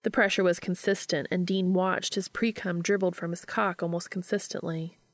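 A woman narrating a story in a steady, even-paced reading. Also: fairly low pitch, normal speed, no room sound. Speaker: audiobook reader.

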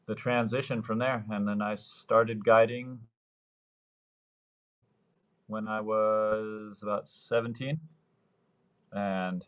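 A man's voice: lowish voice, takes it slowly, pauses often, smooth, muffled recording. A man in his thirties, a surf fishing guide, telling stories casually in a podcast interview and acting out the lines of the people in them. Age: 30s. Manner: lively storyteller, acts out quoted dialogue.

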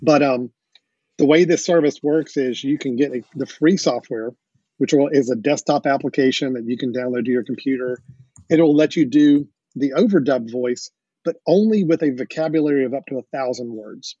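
A man's voice: medium pitch, moderate pace, mellow, breathy edge, no echo. A man hosting a podcast, explaining things with enthusiasm and the odd chuckle, on dull lo-fi audio. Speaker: podcast host. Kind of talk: casual podcast chat.

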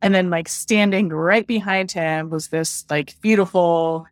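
A woman's voice: lowish voice, fairly even intonation, a little slow, no echo, studio quality. A woman working as a love coach, telling her story in a casual interview, chatty and full of "like", acting out her own past thoughts.

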